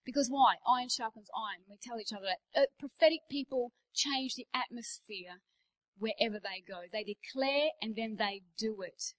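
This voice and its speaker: A woman's voice: fairly high pitch, moderate pace, low-quality recording. Emphatic Australian woman preaching. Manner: emphatic, storytelling with anecdotes. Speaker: guest preacher. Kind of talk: sermon. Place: church.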